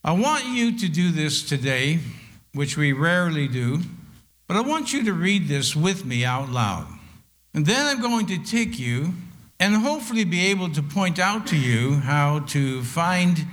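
An older man preaching a sermon, reading scripture slowly and with deliberate emphasis on each word. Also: on the high side, big pitch swings, a bit bright.

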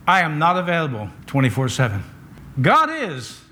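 A man's voice: a little high, wildly swooping pitch, normal speed, bright, forceful tone. An older man, a pastor, preaching a conversational sermon with wry asides to his congregation.

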